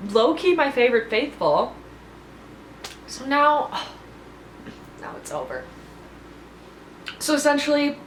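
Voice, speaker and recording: A woman's voice: on the high side, slight background noise. Chatty woman reviewing a tv episode, lots of "like", kinda echoey room. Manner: chatty and expressive, with many fillers like "like". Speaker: TV reality show reviewer. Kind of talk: casual recap vlog. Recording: roomy echo.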